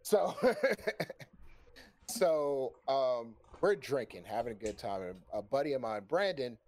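A man's voice: mid-range voice, unhurried, a little hiss or hum. A man telling a long story in casual chat, swearing freely and laughing often. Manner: profane, animated, laughs often. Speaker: storyteller on a stream.

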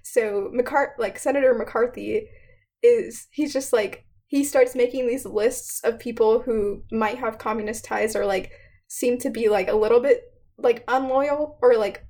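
A woman's voice: fairly high pitch, measured pace, dark tone. Chatty young woman explaining history. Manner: chatty, heavy on fillers, laughs often. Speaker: student presenter.

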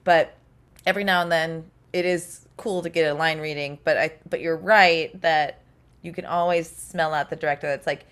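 A woman voice actor chatting casually, telling lively stories and mimicking the people she quotes. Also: low-pitched, normal speed, clear, resonant tone. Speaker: podcast guest, voice actor. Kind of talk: casual chat. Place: recording studio.

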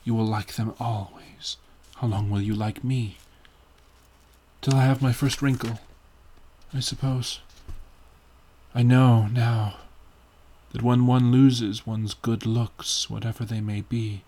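A man's voice: mid-range voice, fairly even intonation, takes it slowly, warm tone. A vain, brooding young man, as a man reading aloud puts him on, speaking with intense and declamatory passion. The voice stays close to the reader's own, delivered in an impassioned storybook manner.

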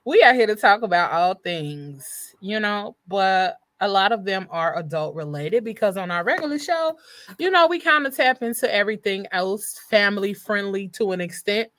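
A woman's voice: medium pitch, lively intonation, moderate pace, fairly bright tone, dry recording. A woman hosting a casual live-streamed talk show over a video call, playful and chatty with plenty of slang. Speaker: host.

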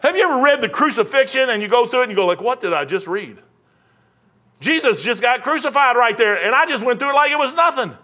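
Delivering an animated sermon from the pulpit, a pastor chats folksily, tossing in slang and quick asides. He speaks with a high, bright, forward voice.

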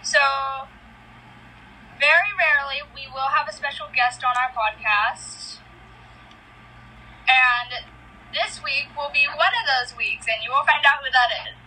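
Very bright, high-pitched young co-host. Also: female voice, unhurried, long pauses, a little hiss or hum, low-quality recording. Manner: chatty, giggly. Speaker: podcast co-host. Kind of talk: casual chat.

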